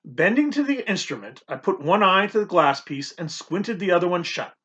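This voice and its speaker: A man narrating an audiobook in the first person, expressive and nervous in tone. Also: high voice, normal speed, few pauses, lo-fi sound.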